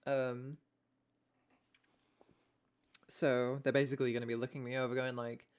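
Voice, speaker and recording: A woman's voice: rumbling low, level tone, fast, clear, resonant tone. A young English woman streaming a casual chat, rambling and self-deprecating, laughing often as she talks to her viewers. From England.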